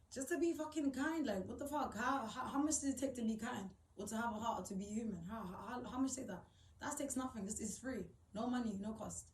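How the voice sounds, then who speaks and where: A woman's voice: medium pitch, darkish tone, echoey room, recorded from a distance, a little hiss or hum, rough recording. A young woman telling a personal story to camera, blunt and swearing, rising to indignant outbursts. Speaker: vlogger.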